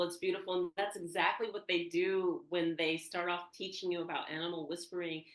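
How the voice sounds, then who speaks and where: A woman hosting a podcast interview, speaking calmly and affirming her guest. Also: fairly low pitch, echoey room, poor audio. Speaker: podcast host. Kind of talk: conversational interview.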